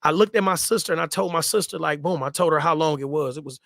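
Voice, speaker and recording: Guy with a high voice telling his story, slangy, keeps repeating stuff, dry close sound. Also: fast, creaky, a bit bright, no room sound. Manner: loose street slang, repeats himself for emphasis. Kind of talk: casual storytelling.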